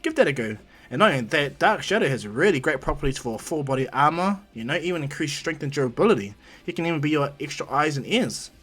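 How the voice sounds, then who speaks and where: A man's voice: a little high, animated, quick pace, a bit bright, slightly rough. A man casually narrating a fan story in a rambling way, with lots of fillers.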